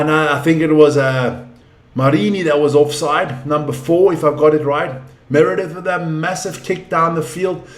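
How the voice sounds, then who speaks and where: An older man giving casual, excitable live rugby commentary, chatting and joking as he goes. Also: a little high, roomy sound.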